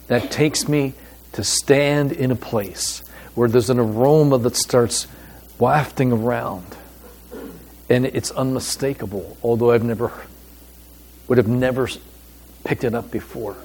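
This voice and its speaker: A man preaching a sermon as pastor, with a deliberate, emphatic delivery and pauses. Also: mid-range voice, fairly even intonation, a little mellow, a little hiss or hum.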